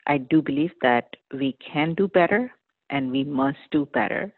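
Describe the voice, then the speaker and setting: A middle-aged woman cardiologist answering interview questions in an earnest, measured and emphatic way. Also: low-pitched, dry recording. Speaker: cardiologist guest. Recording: dry tinny phone line.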